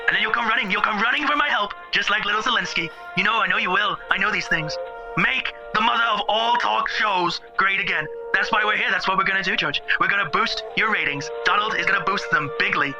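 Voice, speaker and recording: A man's voice: sits high, a little fast, over music. A man doing a comic impression of a boastful American president calling into a radio show. He keeps praising himself and repeats himself. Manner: bragging, repetitive, self-praising. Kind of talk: comedy phone-call impression.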